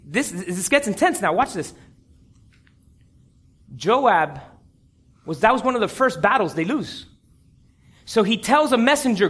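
A man preaching a sermon, telling a story with animated, acted-out quotes. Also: sits high, unhurried, pauses often, slightly rough.

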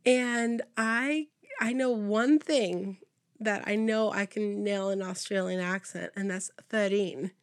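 A woman hosting a true crime podcast, talking casually and chattily, laughing often and filling pauses with um and like. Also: mid-range voice, fairly even intonation. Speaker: podcast host.

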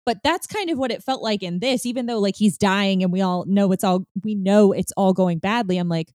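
A woman's voice: mid-range voice, fairly quick, a little mellow, no room sound, clean studio sound. A woman in casual film discussion, talking candidly and animatedly with frequent fillers and some swearing.

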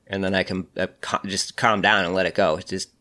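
A man with a very low voice talks things through in a relaxed podcast conversation. He reflects out loud, circling back with fillers and restarts. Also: fairly quick. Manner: thoughtful, many fillers and restarts.

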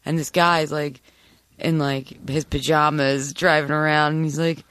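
A man's voice: fairly high pitch, little pitch movement, measured pace, a bit bright, clean tone, dry recording. A man on a podcast telling a casual, rambling story, quoting what others said. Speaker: podcast co-host.

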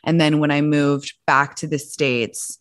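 A young woman in casual conversation as a podcast co-host, chatty and full of fillers, often trailing off softly. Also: low-pitched, steady tone, unhurried, no echo, studio quality. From grew up in London. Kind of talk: casual chat.

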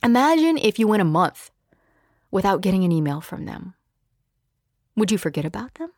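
A woman's voice: medium pitch, big pitch swings, normal speed, a little mellow, no echo, clean studio sound. A woman hosting a solo podcast, talking candidly and expressively, with playful asides. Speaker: podcast host.

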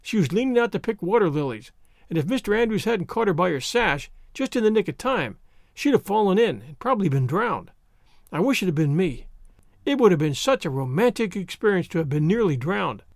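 Give voice to a chattering, dramatic orphan girl in a storybook, gushing over every detail in a bright, lively, swooping voice, as a man reading the tale puts her on. The delivery is dry and close. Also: high-pitched, fairly quick, gravelly, dry recording, exaggerated voice. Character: imaginative talkative orphan girl, about eleven.

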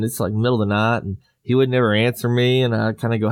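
A man's voice: on the low side, little pitch movement, fast talker, clear, resonant tone, dry recording, studio quality. A middle-aged man hosts a podcast, telling a rambling story and laughing often. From Southwest US. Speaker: podcast host. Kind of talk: casual chat.

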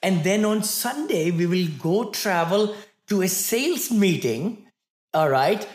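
A man's voice: high voice, expressive, slow. Cheery indian guy in his 60s, laughs a lot, roomy echoey sound. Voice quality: cheerful, laughs often, upbeat and eager. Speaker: guest. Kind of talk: casual chat.

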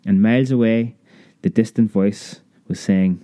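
A man narrating a memoir audiobook in a measured, vivid storytelling manner. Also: on the low side, dark tone, no echo.

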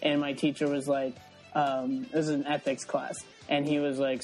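A man in his twenties co-hosting a casual podcast, ranting emphatically in quick riffs. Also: medium pitch, monotone, a little mellow, faint music behind. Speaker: podcast co-host.

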